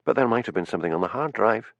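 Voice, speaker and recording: Man voicing calm village cop, dry wit, questioning, lively low delivery. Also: rapid-fire, no room sound, dull audio. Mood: inquiring. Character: Highland village policeman, calm and dry-witted.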